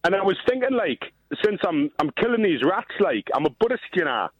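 A man's voice: high-pitched, sing-song, brisk, breathy edge, no echo, lo-fi sound. A man phoning in to a radio show, chatty and calling the host mate. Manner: chatty, says mate and aye a lot. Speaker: caller. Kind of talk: phone-in chat.

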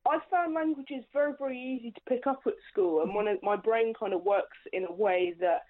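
A woman's voice: a little high, fairly quick. A woman in her twenties calling in to a radio show, telling a rambling story and laughing as she talks. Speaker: caller. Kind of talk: phone-in chat. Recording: tinny phone line.

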